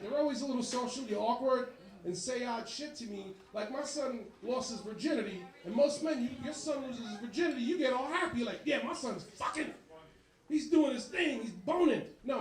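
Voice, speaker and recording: A man in his forties working a bar crowd with a profane, animated stand-up set. His voice sits very high for a man. The sound is echoey and distant, as if taken from across the room. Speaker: stand-up comedian. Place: bar comedy show.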